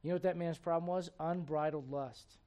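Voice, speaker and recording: A man with a high-pitched voice preaches a sermon as pastor. He keeps asking his listeners rhetorical questions and acts out the voices he quotes. He swings between loud, pressing emphasis and low, quiet asides. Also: fairly even intonation, brisk.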